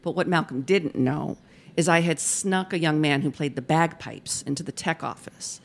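A woman with a notably low, deep voice. She is a stage manager appearing as a guest on an interview show. She tells lively anecdotes and laughs often as she talks. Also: normal speed, gravelly. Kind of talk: casual interview storytelling.

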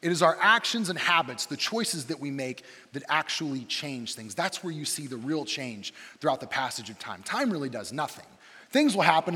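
A man in his thirties, a campus pastor, preaching a humorous sermon and telling stories about himself in an animated, self-deprecating way. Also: mid-range voice, slightly rough, in a large hall. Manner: animated, self-deprecating storyteller with shifting energy.

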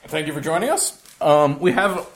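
A man co-hosting a casual science podcast, playful and quick to joke. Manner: playful, with a swooping, very expressive pitch. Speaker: podcast co-host. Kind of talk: casual chat.

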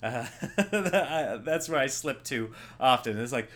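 A man, a comedian, rambling casually through his own show, voice lowered by a cold, chatty and jokey, laughing at his own bits. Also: lively intonation, slow, a bit bright.

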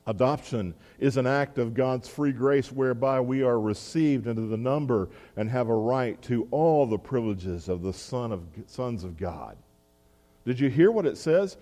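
A man's voice: mid-range voice, animated, measured pace, warm tone, long reverb tail. A man preaching a sermon as pastor, talking in a conversational way with asides and restarts.

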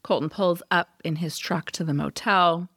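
A woman on a podcast, one of the co-hosts, chattily recaps a TV episode while performing the characters' quoted lines. Her fairly low voice has a fairly bright tone and a moderate pace, recorded without echo in clean studio sound.

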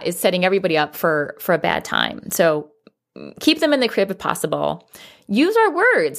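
A woman giving casual advice on toddler sleep as a sleep consultant, animated and acting out what parents and kids say. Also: medium pitch.

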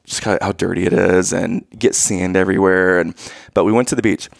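A man in his thirties telling a family vacation story in casual chat, animated and acting out the voices of the people in it. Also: low-pitched, brisk, vocal fry, no room sound, studio quality.

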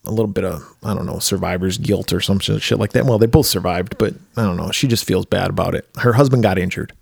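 A man co-hosting a podcast, chatting casually about a movie with profane jokes and lively storytelling. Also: low-pitched, fast, gravelly, slightly rough. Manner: profane, joking, animated storytelling. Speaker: podcast co-host.

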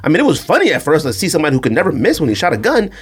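A man's voice: fairly high pitch, wildly swooping pitch, racing, a little hiss or hum. A man co-hosting a podcast, joking and sticking to his favorites in casual chat. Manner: loose, joking, stubborn. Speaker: podcast co-host.

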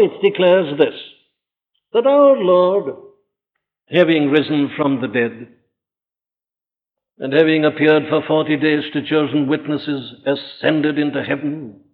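A man preaching a sermon with emphasis, posing rhetorical questions and answering them himself. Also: fairly high pitch. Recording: dull lo-fi sound in a reverberant hall.

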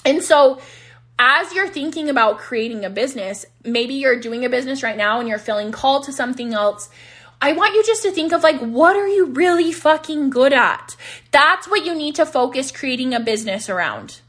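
A woman in her thirties talks through her own podcast from home, candid and casual, laughing easily and sprinkling in "like." Her voice sits a little high and sounds a bit worn, as if she is starting to lose it. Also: animated, moderate pace, a bit bright. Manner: candid, chatty, laughs easily, says "like" often. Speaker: podcast host and business coach. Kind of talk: casual solo podcast advice.

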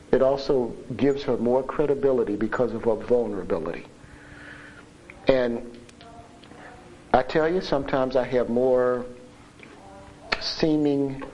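A man giving a conversational sermon at a conference, earnest and emphatic, swinging between loud and soft. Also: mid-range voice. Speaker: conference speaker on evangelism. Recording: dull lo-fi recording with faint hiss.

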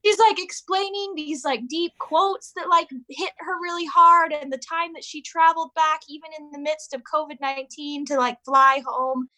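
Bright-voiced woman telling a story. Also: high voice, moderate pace, hardly any pauses. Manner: animated storyteller, acts out voices of her kids. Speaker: podcast guest. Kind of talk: casual chat.

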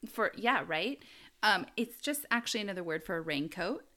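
A woman's voice: mid-range voice, animated, a little fast, pushed and bright. A woman co-hosting a casual true-crime podcast, rambling and laughing often as she talks. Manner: giggly, rambling, frequent laughter. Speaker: podcast co-host.

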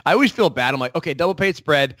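A man who writes comic books, talking casually in an interview, animated and full of quick restarts and acted-out quotes. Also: on the high side, a little hiss or hum.

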